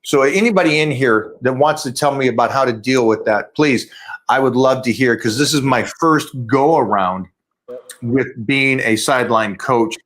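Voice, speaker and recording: A man's voice: mid-range voice, moderate pace, a bit bright. Guy hosting a video call chat, frank and kinda frustrated. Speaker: host.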